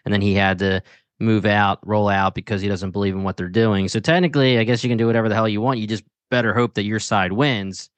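A man co-hosting a casual talk show about a TV series, animated and slangy, often breaking into laughter as he tells his reactions. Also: fairly low pitch, fast talker, no echo. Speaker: podcast co-host. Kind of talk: casual chat.

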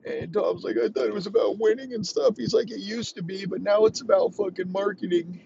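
A man's voice: sits high, brisk, creaky, warm tone, lo-fi sound, a little hiss or hum, pitched above the performer's own voice. A man voicing a smug, preachy male league boss who lectures a star player with mocking profanity. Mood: smug lecturing.

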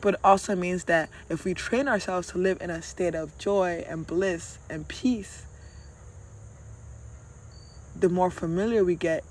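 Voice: medium pitch, a little hiss or hum. A vlogger in a casual motivational talk, speaking candidly and conversationally, sometimes swearing and addressing listeners directly. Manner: candid, conversational, with occasional profanity.

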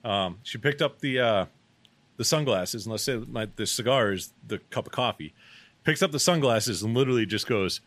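A man's voice: medium pitch, lively intonation, normal speed, a bit bright, no echo. A man co-hosting a podcast, telling a story in a brash, profane, casual way. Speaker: podcast co-host.

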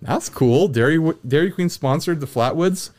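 A man co-hosting a podcast in casual chat, joking and animated with quick asides. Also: a little high, soft background music. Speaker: podcast co-host.

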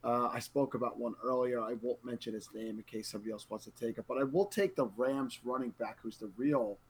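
Male analyst, measured and explanatory, mid-pitched voice. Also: a little hiss or hum, poor audio. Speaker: fantasy football analyst. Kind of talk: casual podcast chat.

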